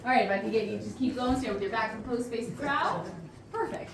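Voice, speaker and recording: Young female ghost-tour guide, chatty storyteller, slightly high voice, distant mic, faint noise. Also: expressive, quick pace, reverberant. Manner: playful, punny, chatty with the crowd. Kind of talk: scripted tour storytelling to a crowd. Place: outdoors on a night tour stop.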